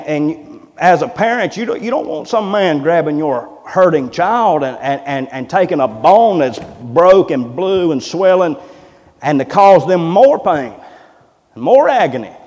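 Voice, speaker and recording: A man's voice: on the high side, a little mellow, big-room sound. A middle-aged man, preaching a sermon in a folksy, plain-spoken way. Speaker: pastor.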